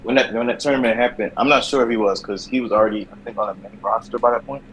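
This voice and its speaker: A man co-hosting a casual wrestling talk show, telling stories and slipping into quick impressions. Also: medium pitch, rough recording. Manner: animated storyteller, slips into mimicking voices. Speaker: podcast co-host.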